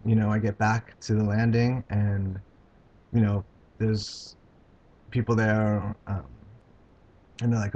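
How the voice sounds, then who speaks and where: A man vlogging about his own experience, talking in a halting, hesitant way with many pauses and restarts. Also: on the low side, level tone, darkish tone. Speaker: video blogger. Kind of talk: casual personal recount. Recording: dull lo-fi home video sound.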